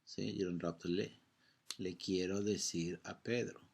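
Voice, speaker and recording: Guy teaching spanish in a classroom, kinda low voice, keeps asking "right?". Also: fairly even intonation, normal speed, creaky, a little mellow, breathy edge.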